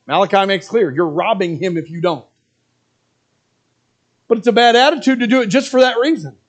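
A man's voice: high-pitched, normal speed. A middle-aged male pastor preaching a sermon, earnest and plain, who slips into mocking asides as he quotes reluctant givers.

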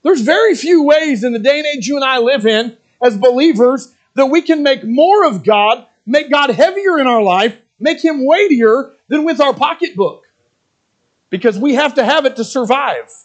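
A man's voice: very high-pitched, expressive, moderate pace. A middle-aged male pastor preaching a sermon, earnest and plain, who slips into mocking asides as he quotes reluctant givers.

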